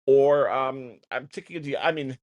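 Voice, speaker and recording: A man's voice: mid-range voice, steady tone, normal speed, no room sound, highs cut off. A man from the United States on a film podcast panel, politely offering a differing view. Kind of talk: casual discussion.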